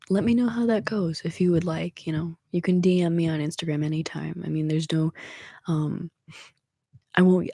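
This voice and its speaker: A young adult ASMR livestreamer in soft-spoken, whispered ASMR chat, rambling and emotional, talking from a small room at home. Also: mid-range voice, gravelly, slightly rough, dry recording, clean studio sound.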